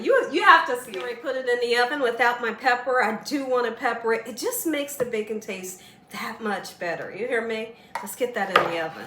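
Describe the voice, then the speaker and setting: A woman walks viewers through a recipe in her home kitchen, talking in a bright, high, excitable way. The echoey kitchen carries a faint hum behind her. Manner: chatty and excitable, laughs while telling stories. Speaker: cooking channel host. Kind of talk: casual cooking demonstration.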